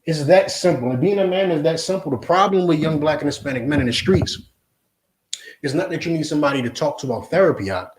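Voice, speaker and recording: A man preaching a confrontational lesson to his group, blunt and forceful, again and again asking whether his listeners understand. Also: on the high side, expressive, quick pace, roomy sound, noisy background. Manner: blunt, forceful, repetitive questioning. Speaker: Hebrew Israelite teacher.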